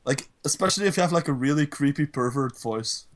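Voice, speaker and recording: A man talks in a loose, rambling way on a casual podcast. His rants are full of profanity, and his voice sits a little higher than most men's. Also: expressive, fairly quick. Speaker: podcast co-host. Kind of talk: casual chat.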